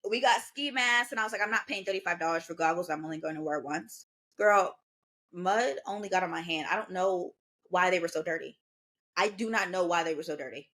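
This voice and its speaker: Animated young woman telling a story. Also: lowish voice, a little fast. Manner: animated, acts out quoted voices. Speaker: podcast co-host. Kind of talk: casual storytelling chat.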